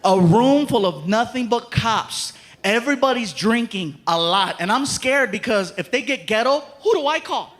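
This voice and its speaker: A man doing a stand-up comedy routine, telling stories in an animated way and acting out other people's voices. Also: very high voice, normal speed, hardly any pauses. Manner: animated storytelling, acts out voices. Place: comedy stage before a live audience. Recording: live stage audio with audience noise.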